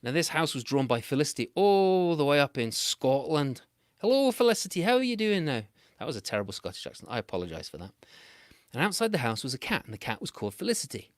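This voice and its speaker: A British man tells an improvised story for children, playful and animated. His voice sits at an everyday middle pitch and swings often between loud and hushed. The sound is dry and close, with no room echo. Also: fast talker.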